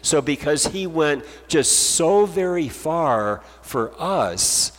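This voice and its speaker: A man's voice: a little high, animated, takes it slowly. Guy pastor preaching, earnest, keeps repeating to drive it home, echo trailing off like a church hall. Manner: earnest, emphatic repetition. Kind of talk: sermon.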